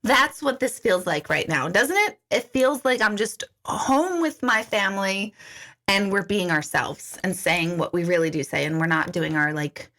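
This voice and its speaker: A middle-aged woman hosts a casual livestream and chats with her viewers. Her voice is bright and forceful, and she talks in a chatty, giggly way, often restarting her sentences. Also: mid-range voice. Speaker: intuitive coach hosting a livestream. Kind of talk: casual live chat reading viewer comments.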